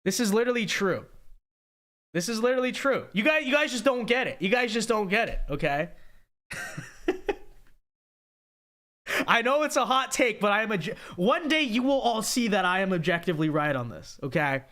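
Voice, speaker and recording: Animated, bright-voiced young man ranting. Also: sits high, moderate pace, pauses often. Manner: animated, emphatic, repeats himself, ranting. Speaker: livestream host. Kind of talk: casual livestream rant.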